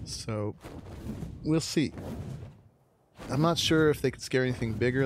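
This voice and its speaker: A man's voice: mid-range voice, a little slow, long pauses, background noise. A man streaming a video game, chatting casually and rambling with frequent chuckles as he plays. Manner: relaxed, rambling, chuckles often. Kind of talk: casual live-stream commentary.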